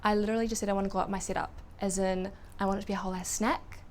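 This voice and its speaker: A woman's voice: medium pitch, little pitch movement, very fast, a little hiss or hum, lightly acted. A woman playing a sassy, exasperated young Gen Z customer heavy on slang.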